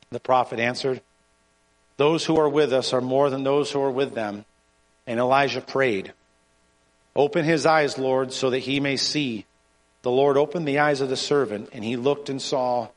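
Male preacher in a reverberant hall. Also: medium pitch. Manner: earnest, halting preaching with restarts. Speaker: pastor. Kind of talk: sermon with scripture reading.

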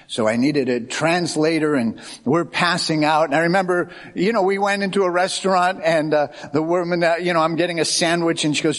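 A middle-aged man from the United States preaching a sermon as a pastor, telling lively stories with quoted dialogue. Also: on the high side, fairly quick, few pauses. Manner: animated anecdotes with quoted dialogue. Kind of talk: sermon with storytelling.

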